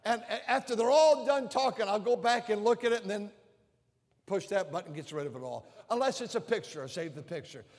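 An older pastor with a high voice delivers a sermon in a church sanctuary, speaking fairly quickly. He preaches emphatically and repeats phrases, and the hall adds a long reverb.

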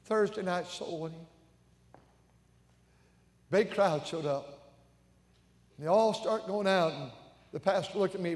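In a large, echoey church sanctuary, a pastor in his seventies with an American accent tells a story during his sermon, stammering and repeating himself and acting out the quoted voices. His voice is high and somewhat dark, and he goes slowly with frequent pauses.

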